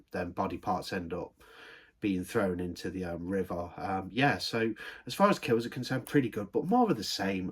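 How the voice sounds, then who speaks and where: Low husky brit guy rambling thru a movie review, um um um. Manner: rambling with many ums. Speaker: film reviewer. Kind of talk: casual unboxing review.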